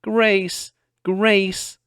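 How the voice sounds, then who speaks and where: A man reading as a frantic shouting pioneer father. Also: mid-range voice, very animated, slow pace, creaky, no echo, clean studio sound, pitched above the performer's own voice, heavily acted. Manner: insistent, shouting. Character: frantic farm father searching for his lost child.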